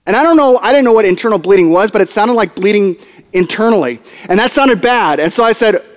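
High-voiced animated preacher in a hall. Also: male voice, quick pace. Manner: animated, comic storytelling with acted-out quotes. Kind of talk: storytelling sermon. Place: church hall. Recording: long hall reverb.

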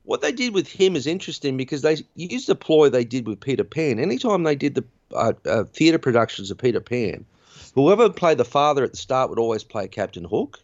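A man's voice: mid-range voice, sing-song, brisk, no echo, lo-fi sound. A man hosting a podcast, recapping a film in a chatty, rambling way. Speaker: podcast host. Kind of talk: casual film recap chat.

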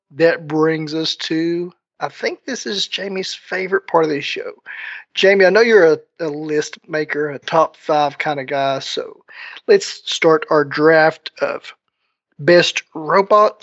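A man hosting a casual podcast chat, enthusiastic and halting, leaning on fillers as he talks. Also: a little high, steady tone, fairly bright tone, no room sound, dull audio.

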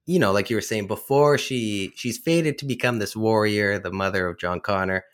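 A man's voice: on the low side, fairly bright tone. A man co-hosting a casual film podcast, talking loosely with many fillers. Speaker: podcast co-host.

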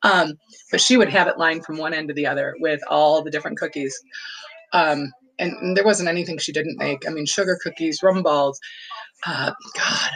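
Woman w a lowish voice telling a family story, kinda rambly, laughs a lot, lots of ums and uhs. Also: fairly bright tone, low-quality recording. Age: adult. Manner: rambling, frequent laughter and fillers; fond, nostalgic recollection. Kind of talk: casual personal storytelling.

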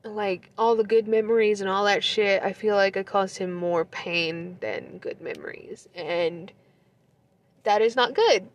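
A woman's voice: medium pitch, expressive, takes it slowly. Tearful young woman telling a breakup story. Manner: emotional, swears a lot, laughs through tears. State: close to tears. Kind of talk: casual confessional storytime.

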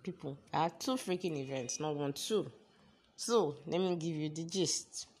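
A young Nigerian woman hosting her podcast, telling a story in a chatty, animated, exasperated way with a Nigerian accent. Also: low-pitched, normal speed, breathy edge. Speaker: podcast host. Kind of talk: casual storytelling.

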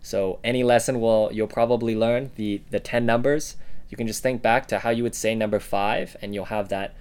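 A man co-hosting a casual lesson podcast, giving example words in a relaxed way with plenty of "uh" and "um". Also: lowish voice, normal speed, clear, resonant tone. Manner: relaxed, with frequent "uh" and "um".

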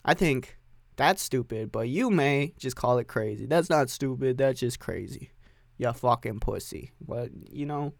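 A man's voice: mid-range voice, animated, unhurried, gravelly, dry recording, studio quality. A young man hosting a solo podcast from his home music setup, rambling in an offhand, profane way. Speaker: podcast host.

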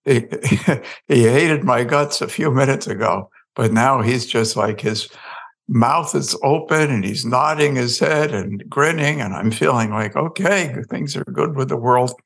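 A man, a podcast guest, telling a story in an animated way and acting out the dialogue. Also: mid-range voice, a little slow, creaky. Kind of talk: storytelling in an interview.

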